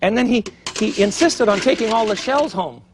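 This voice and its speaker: Lively, chatty man hosting a TV cooking show. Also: high-pitched, normal speed, slight background noise. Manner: chatty, animated, thinks aloud while cooking. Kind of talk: TV cooking demonstration. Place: TV studio kitchen. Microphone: broadcast mic.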